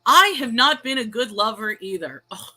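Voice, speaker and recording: A middle-aged woman hosts her own livestream in a loose, confessional ramble, bright and fairly high in tone. She is self-deprecating, laughs often between thoughts, and stops to answer viewers' chat messages aloud. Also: very animated, moderate pace, rough recording. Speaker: livestream host and small online seller. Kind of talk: casual confessional livestream rant.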